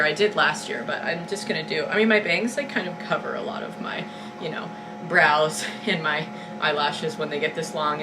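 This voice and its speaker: A woman's voice: sits low, noisy background. A young woman talking casually to camera in a vlog, full of "like" and "you know". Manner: chatty, peppered with "like" and "you know". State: out of breath after walking uphill. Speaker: vlogger.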